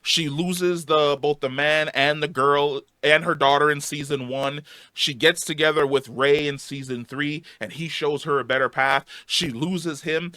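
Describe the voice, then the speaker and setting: A man's voice: a little high, pushed and bright, dry recording, clean studio sound. A man reviewing a show in a heated, angry rant, swearing and repeating himself for emphasis, his voice wearing out. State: losing his voice.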